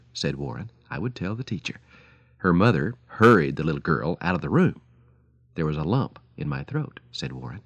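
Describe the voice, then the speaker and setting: A male radio preacher speaks in a low voice that rises and falls with feeling as he tells stories and pleads earnestly with mothers and fathers. His delivery is animated and full of expression, and the sound is dry and close, with no room around it. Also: no room sound.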